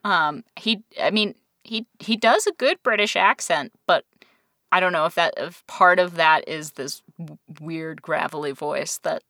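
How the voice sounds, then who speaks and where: A woman co-hosting a casual podcast chat about a TV show, talkative and quick to laugh and agree. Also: fairly low pitch, gravelly, pushed and bright, no echo, clean studio sound. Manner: chatty, laughs often, quick agreeing fillers. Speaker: podcast co-host.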